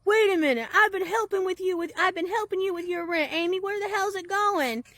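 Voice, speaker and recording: A woman's voice: extremely high pitch, a little fast, fairly bright tone, no room sound, pitched above the performer's own voice. A woman voicing a macho male neighbor who sounds exasperated and demanding. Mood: indignant.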